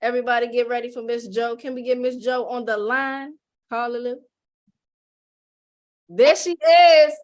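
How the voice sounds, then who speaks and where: Lady host hyping up panelists, kinda high voice, playful and churchy. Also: little pitch movement, quick pace. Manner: playful, preacher-like call-and-response to the audience. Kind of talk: lively hype-up introductions.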